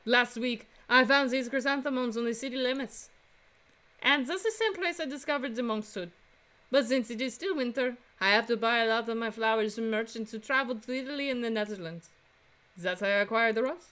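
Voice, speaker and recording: A woman's voice: fairly high pitch, fairly quick, a bit bright, natural voice. A woman voicing a poised young French flower-seller bird, with a put-on French accent and a composed, guarded manner.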